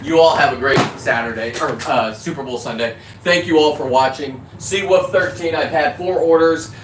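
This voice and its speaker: With a fairly high voice at a moderate pace, this Californian fisherman vlogger launches into an angry, profanity-laced monologue to camera, checking himself whenever he cusses. The mic is distant and echoey, with faint noise behind him.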